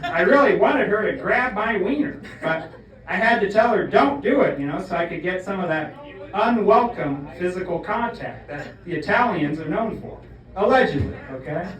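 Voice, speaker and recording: A man's voice: high voice, lively intonation, normal speed, a bit bright. A man telling a comic story with mock earnestness, often tagging lines with "okay?". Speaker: comedian. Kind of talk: comedic storytelling monologue. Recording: echoey room, far from the mic.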